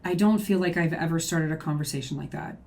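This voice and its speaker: A woman's voice: low-pitched, fast, a little mellow. A woman reacting to a video, defending herself point by point in casual commentary.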